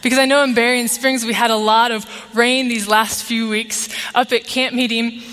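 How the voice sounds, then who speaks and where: A woman's voice: fairly high pitch, little pitch movement, moderate pace, a bit bright. A woman pastor preaching a sermon to her congregation, engaging them with questions. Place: church sanctuary. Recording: long reverb of a large sanctuary.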